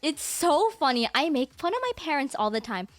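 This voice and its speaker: With faint music in the background, this young American woman chats casually on stream at a moderate pace. Her high, sing-song voice bursts into frequent giggles as she imitates her parents' exclamations.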